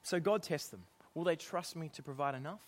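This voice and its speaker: A middle-aged man preaching a sermon, animated and often laughing as he acts out exasperated lines. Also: a little high, a little fast.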